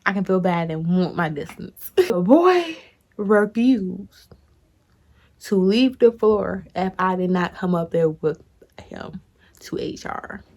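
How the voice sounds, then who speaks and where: A young woman tells a story to her viewers in a loose, animated, chatty way. She jumps up high when she gets excited and swears without a second thought. It sounds like talking to friends on camera. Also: takes it slowly. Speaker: vlogger. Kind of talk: casual storytime.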